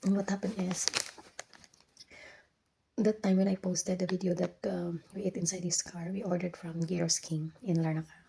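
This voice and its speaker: Young woman, Filipino accent, casual vlog storytelling, mellow lowish voice, faint hiss behind. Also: little pitch movement, creaky, low-quality recording. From Philippines. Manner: halting, many restarts and fillers, drifts into whispers. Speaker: vlogger.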